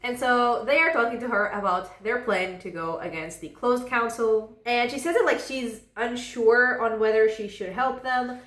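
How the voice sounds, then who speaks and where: A woman's voice: fairly high pitch, normal speed, few pauses, a bit bright. Female book vlogger, casual rambling recap, echoey room. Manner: rambling, fills with "like".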